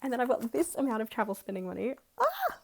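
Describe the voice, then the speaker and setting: Excitable young Australian woman vlogger. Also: a little high, very fast, creaky. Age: 20s. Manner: excitable, gushing, counts money aloud. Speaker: budgeting vlogger. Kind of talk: casual chat.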